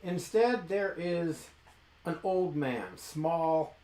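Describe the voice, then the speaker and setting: A man's voice: on the high side, animated, dark tone. Man narrating in an echoey room. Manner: descriptive, measured narration. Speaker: game master. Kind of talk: tabletop role-play narration.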